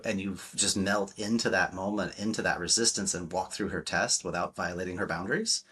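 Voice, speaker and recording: A man's voice: low-pitched, steady tone, fairly quick, hardly any pauses, bright, forceful tone, husky. A man speaking as a relationship coach in a podcast interview, emphatic and blunt, swearing freely and acting out quotes.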